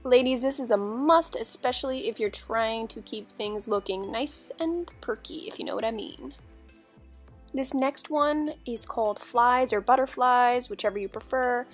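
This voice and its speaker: A woman's voice: on the high side, moderate pace, faint music behind. Chatty young woman giving workout tips. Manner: upbeat, chatty and instructive. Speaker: fitness vlogger. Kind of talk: workout instruction voice-over.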